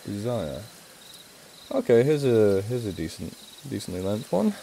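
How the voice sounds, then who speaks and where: English guy rambling on a live stream, mellow warm voice, laughs at himself. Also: fairly low pitch, big pitch swings, a little slow, vocal fry, a little hiss or hum. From England. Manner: chatty and rambling, self-mocking, laughs often. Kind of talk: casual live stream chat.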